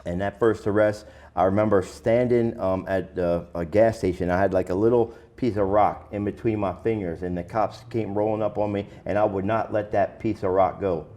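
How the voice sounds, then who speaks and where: A man's voice: lowish voice, steady tone, normal speed, hardly any pauses, dark tone. A man speaking as an interview guest, candid and plain-spoken, telling his own story in a casual, conversational way with some slang.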